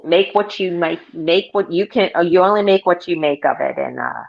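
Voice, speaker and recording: A woman's voice: lowish voice, moderate pace, gravelly, lo-fi sound. A woman in her forties, a car sales consultant, chatting in an interview and telling stories with many fillers and restarts. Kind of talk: casual interview.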